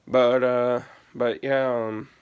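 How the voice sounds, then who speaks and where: A man's voice: mid-range voice, level tone, slow, clean tone, highs cut off. A man telling a story in a casual vlog, rambling and swearing freely, leaning on "like" as filler. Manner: rambling, profane, heavy use of "like". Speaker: gaming vlogger.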